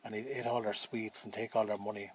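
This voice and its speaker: A man's voice: on the low side, flat delivery, brisk, a little hiss or hum. An Irish man telling a rambling, chatty story to his family, often checking in with his listeners.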